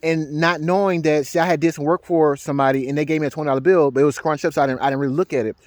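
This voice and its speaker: A young man telling a rambling personal story as a vlogger, halting and repeating words, laughing often and swearing. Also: a little high, fairly even intonation, no room sound.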